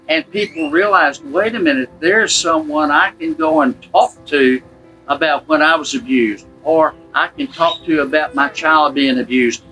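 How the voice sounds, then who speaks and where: A retired detective turned author gives a promotional talk to an audience about his books and work, animatedly acting out the people he quotes. His voice is on the high side, and the recording is rough.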